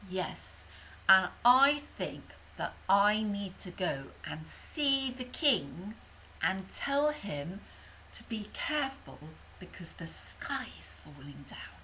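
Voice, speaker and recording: A woman voicing a silly, panicky female chicken with a shrill, breathless, alarmed manner. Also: very animated, slow pace, bright, forceful tone, a little hiss or hum, full character voice, low-quality recording. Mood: earnest.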